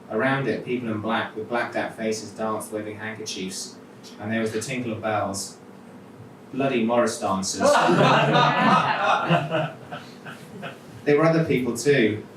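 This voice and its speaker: A man with a Welsh accent reading his own short story aloud at a live literature event, with wry conversational asides. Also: on the low side. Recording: echoey hall, mic from far off, noisy.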